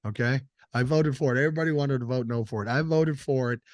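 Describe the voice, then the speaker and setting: A man's voice: medium pitch, quick pace, no echo, studio quality. An older man hosting a podcast, talking politics in a blunt, emphatic, profane way. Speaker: podcast host. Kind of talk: casual political chat.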